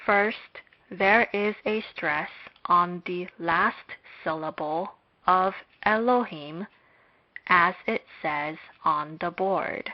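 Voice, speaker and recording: A woman giving a slow, scripted lecture on Hebrew, speaking in a measured, deliberate way with long pauses. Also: on the low side. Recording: dull lo-fi recording.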